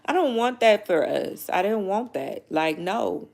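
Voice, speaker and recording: Gravelly-voiced young woman, tearful vlog. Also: mid-range voice, lively intonation, a little slow, darkish tone. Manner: emotional, rambling, frequent "you know what I mean", swears. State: near tears. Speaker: vlogger. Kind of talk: casual personal storytelling to camera.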